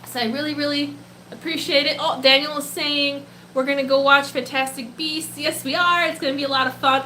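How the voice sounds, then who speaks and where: Bright high-voiced gushing young woman. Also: moderate pace, a little hiss or hum. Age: 20s. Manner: gushing, excitable, laughs often. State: slightly losing her voice. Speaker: pet-keeping live streamer. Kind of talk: casual live stream chat, reading comments.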